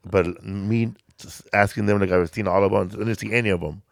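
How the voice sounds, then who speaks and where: A man hosts a casual chat, rambling from joke to joke and swearing freely. His voice is fairly low. The sound is dry and close. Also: steady tone, fairly quick, vocal fry, dry recording. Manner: rambling, profane, joking. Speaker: podcast host.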